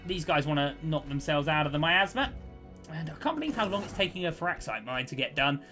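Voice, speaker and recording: A man's voice: fairly high pitch, expressive, fairly quick, bright, forceful tone, soft background music. A man giving cheerful, chatty commentary over his own strategy gameplay, thinking aloud as he plays. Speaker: let's play host.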